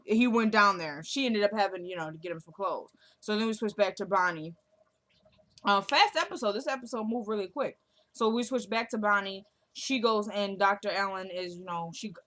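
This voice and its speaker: A young woman hosting a casual vlog recap of a TV episode, chatty and slangy, acting out the characters' lines in quick quotes. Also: medium pitch, fairly bright tone. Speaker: show recap host.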